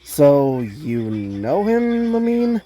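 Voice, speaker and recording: A woman's voice: low voice, sing-song, very slow, warm tone, full character voice. A woman reading the lines of a showy, playful young male bard who talks grandly. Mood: theatrical.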